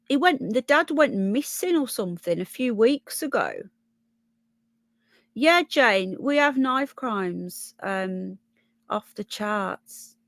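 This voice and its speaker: Here a slightly high female voice comes through with no echo. She's a Brummie-accented livestream host from Birmingham, England, who chats and muses aloud over news items and viewer comments, tripping over names as she goes.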